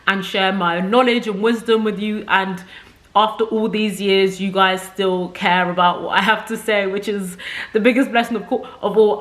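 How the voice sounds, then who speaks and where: A woman's voice: medium pitch, steady tone, moderate pace, fairly bright tone. Chatty, rambling young woman. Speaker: beauty content creator. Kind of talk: casual chat to camera. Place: home room with makeup setup.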